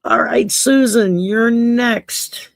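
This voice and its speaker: Slow, gravelly Cajun woman host. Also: fairly high pitch, no echo. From Louisiana. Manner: salty, jokey, swears freely and laughs often. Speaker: host reading cards for viewers. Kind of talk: casual late-night live stream chat.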